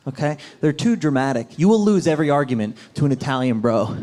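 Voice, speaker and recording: A male stand-up comedian from New Jersey, brash and profane, jumping into loud shouted bits on stage before a live audience. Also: mid-range voice, expressive, fairly quick, hardly any pauses. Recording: live club set with crowd laughter.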